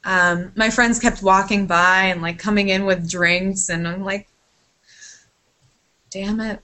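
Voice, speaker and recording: A woman's voice: mid-range voice, fairly even intonation, a little slow, pushed and bright. A woman in casual podcast chat, telling a rambling, sidetracked story with casual swearing and a lot of apologizing.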